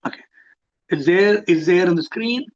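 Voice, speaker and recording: A middle-aged man with an Indian accent gives a lively talk on parenting over a video call, repeating himself and acting out parents and children. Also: high-pitched, normal speed. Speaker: parenting speaker. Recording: dull lo-fi video call audio.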